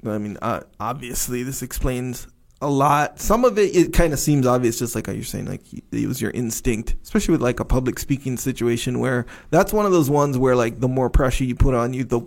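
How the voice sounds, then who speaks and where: A man's voice: medium pitch, expressive, fairly quick, gravelly. A man co-hosting a podcast, chatting casually and rambling with lots of fillers and laughs. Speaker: podcast co-host. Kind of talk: casual chat.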